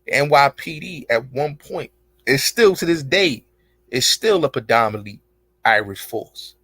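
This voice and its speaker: A man's voice: medium pitch, lively intonation, measured pace, sharp tone, husky, dry recording. A man hosting an online show, delivering a rambling, emphatic monologue full of profanity and street slang. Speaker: show host. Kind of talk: casual monologue.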